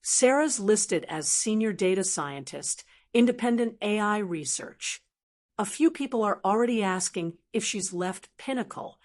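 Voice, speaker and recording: A woman's voice: mid-range voice, lively intonation, a little slow, darkish tone, natural voice. A smug office coworker, a man as read by a woman narrator, speaking with put-on concern. Read in a plain storybook voice.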